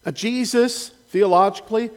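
A man's voice: high-pitched, normal speed. A man preaching a sermon as pastor, talking in an earnest, conversational way with asides and restarts. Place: church sanctuary. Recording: long hall reverb.

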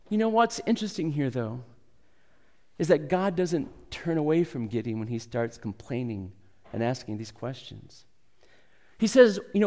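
A man's voice: mid-range voice, big pitch swings, moderate pace, a little mellow, in a large hall. A man preaching a sermon, reading scripture and then speaking earnestly, acting out quoted voices with rising intensity. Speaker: pastor.

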